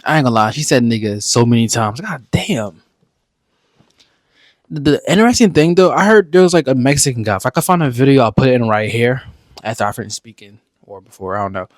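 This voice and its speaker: A man's voice: mid-range voice, lively intonation, a little fast, no room sound. A man hosting a reaction video, giving casual, candid commentary in a laid-back, conversational way.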